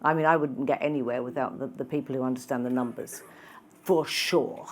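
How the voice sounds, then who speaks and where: A woman's voice: extremely low pitch, steady tone, fairly quick. A woman speaking as a guest on stage in front of an audience, chatting casually with humorous asides and self-deprecating remarks. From England. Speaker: guest speaker, retail expert and author. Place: conference room with live audience. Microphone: handheld or lapel mic.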